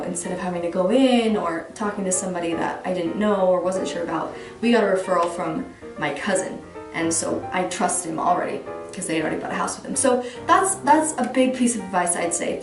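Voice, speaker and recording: Chatty young woman vlogging advice. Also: mid-range voice. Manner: chatty, rambling, self-deprecating. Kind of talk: casual advice vlog. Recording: roomy room, distant mic, faint music.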